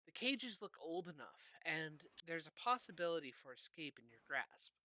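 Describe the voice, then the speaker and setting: A game master narrating a tabletop game with halting delivery and many fillers. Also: medium pitch, very animated, pushed and bright, slight background noise.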